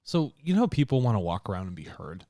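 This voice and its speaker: A man's voice: lowish voice, very animated, fast talker, mellow, dry recording, clean studio sound. A man co-hosting a podcast in casual chat, talking loosely with many fillers. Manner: laughs easily, loose and conversational with many fillers. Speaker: podcast co-host.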